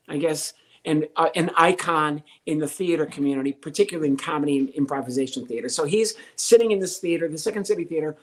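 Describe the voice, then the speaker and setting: A man in his sixties, a comedian guest telling a lively story and acting out the voices of the people in it. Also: a little high. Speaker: podcast guest, comedian and ventriloquist. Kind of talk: storytelling interview.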